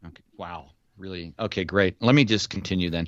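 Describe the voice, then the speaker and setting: Male podcast co-host, expressive and indignant in fun, muffled lo-fi recording. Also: low voice, brisk, hardly any pauses, dry recording. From United States. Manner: animated, playfully indignant. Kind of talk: casual chat. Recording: dull lo-fi sound.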